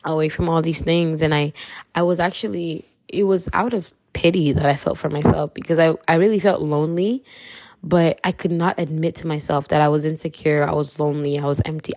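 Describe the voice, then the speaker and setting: A woman's voice: low-pitched, a little mellow, no room sound, clean studio sound. A young woman from Kenya with a light Kenyan accent, candidly sharing her faith story in a chatty, slangy way and laughing often. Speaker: podcast host. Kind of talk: casual faith testimony.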